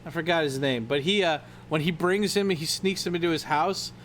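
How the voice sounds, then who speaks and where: His voice is a little high and a bit bright, and he talks a little fast as he streams. The young man rambles about films with lots of profanity and laughter, scatting and quoting movie lines in imitation, over slight background noise.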